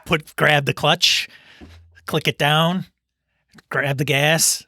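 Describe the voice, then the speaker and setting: Brief: male player, forceful and dry, laying out each move. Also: on the high side, fairly even intonation, slow pace, dry recording. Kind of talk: casual tabletop play.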